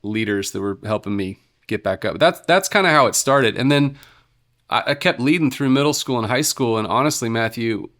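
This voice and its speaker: A worship leader, appearing as a guest, shares his faith story in a casual storytelling interview. Earnest and warm, he speaks in a mid-range voice at a moderate pace, filling his talk with "you know" and restarts.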